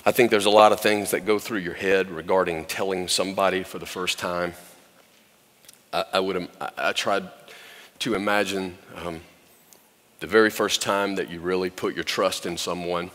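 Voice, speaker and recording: A man's voice: sits low, steady tone, normal speed, fairly bright tone, in a large hall. A man preaching a sermon as pastor, earnest and urging, hammering his points home with repeated commands.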